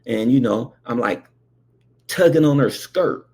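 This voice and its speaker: A man's voice: medium pitch, animated, measured pace, a little mellow, husky. A man telling a comic childhood story, with frequent asides like okay and all right. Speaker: comedian.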